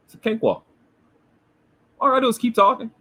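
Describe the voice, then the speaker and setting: A man's voice: very high voice, fairly even intonation, a little fast, bright, forceful tone. A man hosting a commentary show, reacting to a replayed livestream clip in a combative, mocking and profane way. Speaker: commentary channel host.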